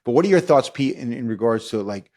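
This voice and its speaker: Talking fast at a medium pitch, a middle-aged podcast host tells stories in a laid-back conversation. He brings quotes to life by acting them out and laughs frequently.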